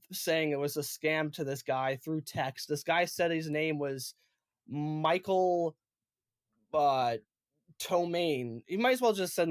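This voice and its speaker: A man in his twenties, a podcast co-host, telling a story in casual chat, animated, profane and emphatic. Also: a little high, no room sound, studio quality. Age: 20s.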